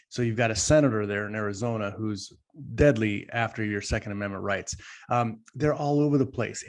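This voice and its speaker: A man co-hosting a podcast, talking emphatically and at length, often turning to address the listeners directly. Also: mid-range voice. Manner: emphatic, rambling, talks straight to the audience. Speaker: podcast co-host. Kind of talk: casual podcast discussion.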